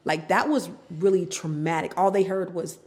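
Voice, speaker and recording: Animated middle-aged woman telling her story. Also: on the low side, normal speed. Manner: animated, acts out quoted family members. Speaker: podcast guest. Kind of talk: candid personal storytelling.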